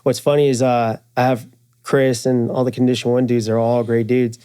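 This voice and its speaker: A man's voice: mid-range voice, little pitch movement, normal speed, mellow, clear, resonant tone. A man being interviewed at a trade show, telling stories in casual slang with fillers and swearing, acting out quoted friends in a raised voice. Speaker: guest, firearms and jiu-jitsu instructor.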